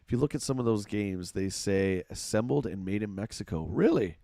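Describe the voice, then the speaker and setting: A man's voice: lowish voice, expressive, fairly quick, creaky, mellow, dry recording, clean studio sound. Chatty Canadian man streaming games. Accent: Canadian, Ontario. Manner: chatty, reads chat aloud, reacts to gameplay. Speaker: game streamer. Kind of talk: casual live-stream chat.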